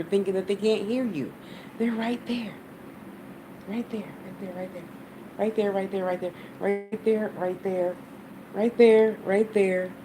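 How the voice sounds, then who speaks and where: Blunt American woman teaching spirit work. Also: fairly low pitch. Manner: blunt, swears freely, talks straight to the viewer. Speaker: spiritual channel host. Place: at home, fan running. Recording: noisy fan and traffic behind.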